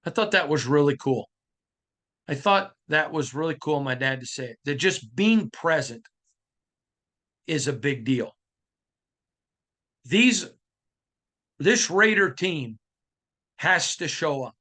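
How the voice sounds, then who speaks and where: A middle-aged man from Michigan hosting a sports podcast, talking with passion in short, punchy phrases that build to near-shouts. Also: on the high side, expressive, slow, long pauses. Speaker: podcast host.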